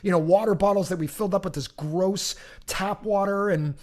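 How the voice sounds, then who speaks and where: A middle-aged man hosting a podcast, telling a long personal story in an animated, rambling way with many restarts. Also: sits high, moderate pace. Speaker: podcast host. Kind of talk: casual storytelling.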